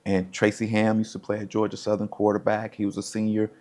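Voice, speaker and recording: Speaking briskly in a fairly low pitch, this former professional football player, a middle-aged man from the United States, relates personal stories in a casual way. He brings them to life by acting out others' voices.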